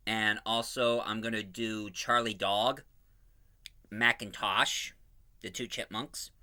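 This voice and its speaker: A man's voice: fairly low pitch, fairly even intonation, slow pace, bright, forceful tone. A man hosting his own fan audio drama channel, chatting casually and enthusiastically about casting, rambling and correcting himself as he goes. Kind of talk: casual preview talk.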